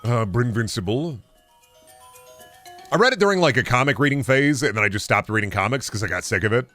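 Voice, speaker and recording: A man's voice: mid-range voice, rapid-fire, faint music behind. A young man streaming a game, chatting casually and ranting with plenty of swearing. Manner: animated, profane ranting. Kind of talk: casual chat while gaming.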